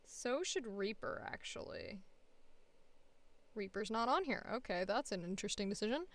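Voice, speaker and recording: A woman's voice: medium pitch, animated, normal speed, a bit bright, no echo. A woman voice actor chatting casually while preparing auditions, thinking aloud and interrupting herself. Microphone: headphones monitoring at a home recording setup.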